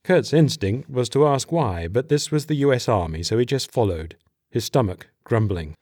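Male narrator, steady measured audiobook reading, dry close sound. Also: mid-range voice, no room sound.

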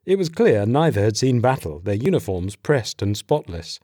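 Male narrator, steady measured audiobook reading, dry close sound. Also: fairly low pitch, dry recording.

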